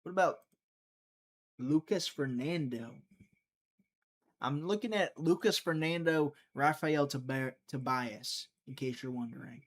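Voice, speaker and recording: A man talks his way through picks on a casual livestream. His voice sits a little high for a man. He rambles, jokes sarcastically and thinks out loud as he goes. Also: measured pace. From Mississippi. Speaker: livestream host making fight picks.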